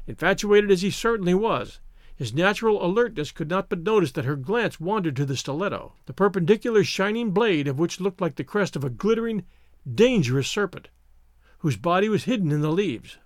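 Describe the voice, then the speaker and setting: A male narrator reading a historical tale in a measured, expressive way. His voice is fairly high with lively pitch, recorded dry and close to the mic. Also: no echo. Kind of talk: scripted audiobook narration.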